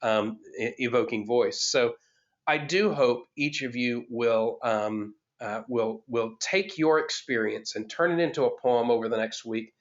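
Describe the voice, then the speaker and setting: A man's voice: mid-range voice, unhurried, dull audio. A middle-aged man teaching a poetry class over a video call, thinking aloud with many fillers and restarts. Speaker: course instructor. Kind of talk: online class lecture.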